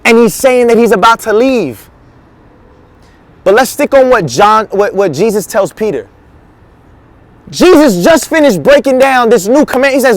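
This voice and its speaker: A male teaching pastor with a high voice preaches in a loose, slangy, conversational way. He slips into acted quotes as he teaches. The sound is dry and close. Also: animated, moderate pace, pauses often, no echo. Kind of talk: casual sermon teaching.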